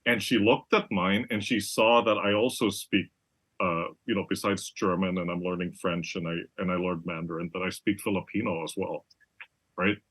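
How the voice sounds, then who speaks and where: Husky, low-voiced podcast host. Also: male voice, steady tone, moderate pace, fairly bright tone. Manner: conversational, keeps checking in with "right?". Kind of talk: casual interview chat.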